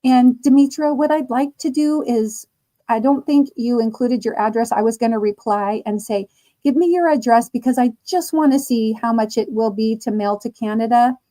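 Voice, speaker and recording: A woman's voice: a little high, dark tone. A woman hosting a casual crochet livestream, reading out chat comments and laughing often while she crochets. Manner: slow, chatty, laughs often. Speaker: livestream host.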